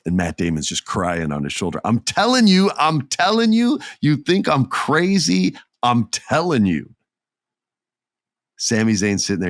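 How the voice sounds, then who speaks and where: A man's voice: low-pitched, unhurried, no echo, studio quality. A man hosting a podcast, animatedly recapping a wrestling event in casual talk and acting out what people said. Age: adult with children. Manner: animated storyteller who acts out quotes. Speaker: podcast host.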